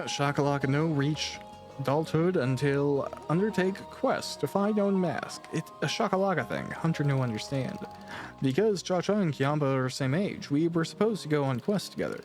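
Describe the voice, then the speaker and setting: A man's voice: on the high side, pitched above the performer's own voice. A man voicing Cha-Cha, a small male masked creature who brags and exaggerates in broken pidgin. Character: bragging tall-tale-telling small male masked creature.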